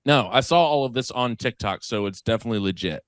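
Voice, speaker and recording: A young man co-hosting a podcast in casual comedic chat, with deadpan joking. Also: mid-range voice, quick pace, clear, resonant tone, no echo, studio quality. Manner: deadpan jokey, slips into mock voices. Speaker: podcast co-host.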